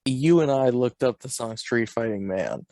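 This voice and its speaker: Relaxed podcast co-host man, dry sound. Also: mid-range voice, normal speed, no echo. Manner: informative, relaxed, listing film facts. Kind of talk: casual chat.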